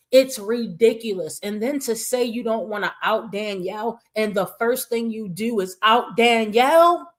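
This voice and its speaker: A woman giving reaction commentary on a livestream, blunt and exasperated, swearing freely as she talks to her chat. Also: mid-range voice. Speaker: commentary streamer.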